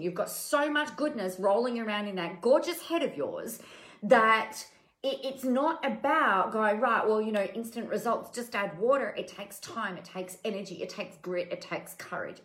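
A woman giving a candid, chatty motivational talk, full of fillers and the odd swear word. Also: medium pitch. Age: adult with children. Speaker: podcast host and business coach. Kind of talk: casual motivational monologue. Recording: echoey room.

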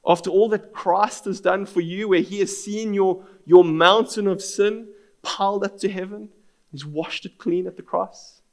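A man's voice: sits high, steady tone, unhurried. A man, preaching a sermon as pastor in an earnest, storytelling manner.

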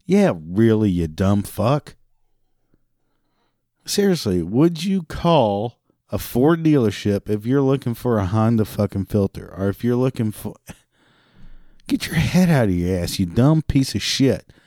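This is a ranting monologue from a parts counter worker who swears his way through complaints about customer service calls, mimics the callers, and sips beer throughout. His medium-pitched voice has lively intonation and a warm tone, and he talks a little slowly. The recording is dry with clean studio sound.

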